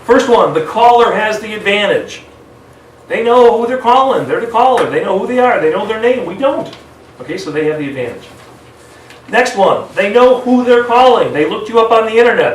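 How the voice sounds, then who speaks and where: Brisk and expressive, with a voice that sits high, a man energetically teaches a live sales seminar. He plays out client phone calls and changes his speed on purpose, recorded in an echoey room from a distance.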